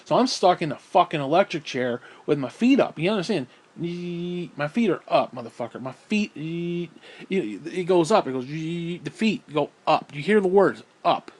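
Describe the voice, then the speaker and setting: Speaking at a moderate pace, this man has a fairly high, animated voice. Indoors at home for a casual vlog, he rambles through a story, cursing liberally and letting out frequent sighs.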